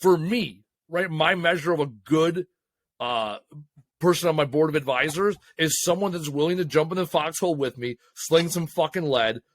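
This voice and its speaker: A man co-hosting a business podcast, telling stories in a profane, excitable, casual way. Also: a little high, moderate pace, no echo. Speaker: podcast co-host. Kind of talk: casual chat.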